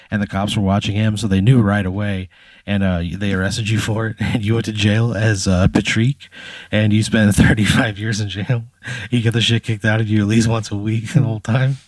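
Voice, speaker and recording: A man's voice: fairly low pitch, no room sound, clean studio sound. A man co-hosting a comedy podcast, telling an improvised hypothetical in a rambling, filler-heavy way. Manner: rambling, full of fillers and laughs.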